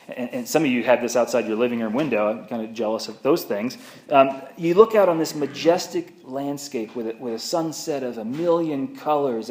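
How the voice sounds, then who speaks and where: A man preaching a sermon as pastor, telling the story in a conversational, animated way. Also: medium pitch. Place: church sanctuary. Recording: echoey church room.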